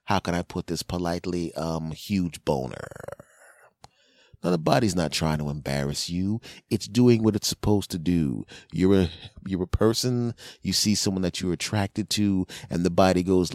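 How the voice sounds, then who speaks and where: A man hosting a podcast, telling rambling, animated comic stories with crude jokes into a close microphone. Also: low-pitched, moderate pace, no room sound. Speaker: podcast host. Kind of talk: comedic monologue.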